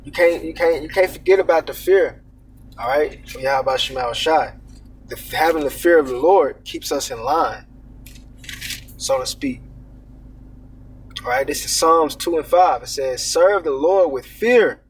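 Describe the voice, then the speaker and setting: A man's voice: a little high, measured pace, long pauses, husky, distant mic. A man teaching scripture in a casual sermon, reading verses aloud and commenting with "man" and "all right?". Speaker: preacher.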